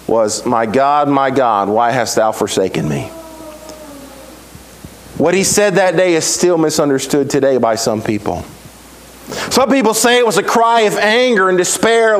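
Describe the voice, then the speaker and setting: High-voiced preaching man, emphatic. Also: rough recording. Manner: preaching with emphatic repetition and dramatic pauses. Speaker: pastor. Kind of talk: sermon.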